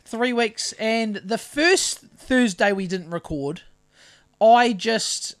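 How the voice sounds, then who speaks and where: A middle-aged man with a New Zealand accent, co-hosting a casual podcast chat, rambling and restarting his sentences often. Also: high-pitched. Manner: rambling, halting, many restarts. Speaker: podcast co-host.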